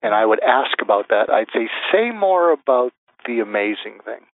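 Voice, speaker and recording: A man being interviewed as a guest expert, calmly laying out a method step by step and acting out example phrases. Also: medium pitch, normal speed. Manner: methodical, lists numbered steps, acts out example phrases. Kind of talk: interview answers, explaining step by step. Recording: tinny phone-like line, dry.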